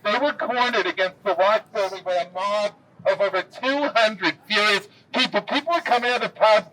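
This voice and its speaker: A man giving a historical walking tour, telling the story with lively pacing and dry jokes. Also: sits high, normal speed. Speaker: tour guide. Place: outdoors in a city square. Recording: distant camera mic, faint street noise.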